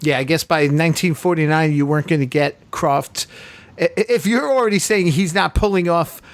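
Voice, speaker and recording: A man's voice: a little high, a little fast. A man hosting a podcast in casual chat, chatty and laughing often. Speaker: podcast host.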